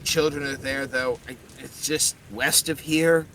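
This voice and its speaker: A man's voice: medium pitch, steady tone, a little slow, sharp tone, a little hiss or hum. A man voicing the spirit of a dead werewolf speaking through its skull, coarse, swearing and pained.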